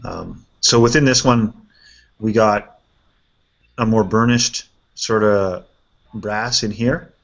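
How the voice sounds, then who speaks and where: A man hosting a casual chat, reviewing painted miniatures in a relaxed way and thinking aloud with fillers. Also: lowish voice, slow, creaky, long pauses. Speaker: host. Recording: dull lo-fi sound.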